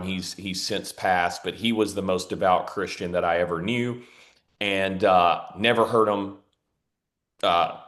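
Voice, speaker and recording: A man with a lowish voice hosts a podcast conversation. He talks in a chatty, casual way, full of easy fillers and quick affirmations of his guest. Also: a bit bright. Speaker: podcast host. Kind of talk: casual interview talk.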